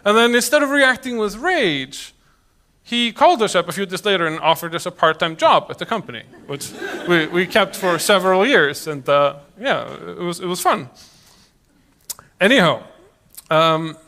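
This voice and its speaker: A man in his thirties tells a personal story before an audience. His voice sits high and bright, and it rises and falls a great deal. He drops into other people's voices as he goes. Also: normal speed. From Iceland. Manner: animated, acts out quoted voices. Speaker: public speaker.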